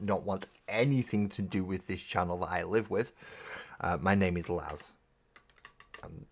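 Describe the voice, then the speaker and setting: Guy with a deep voice rambling on a hobby stream, self-deprecating and chatty. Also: a bit bright. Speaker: live stream host. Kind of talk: casual chat while painting miniatures.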